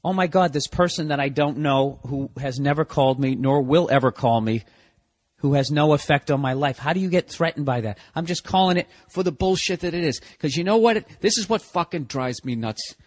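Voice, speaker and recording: A male comedian rants to his listeners in a casual, exasperated monologue. His voice sits fairly high for a man, and he swears freely as he talks. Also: a little fast. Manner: profane, exasperated ranting. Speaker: comedian podcast host.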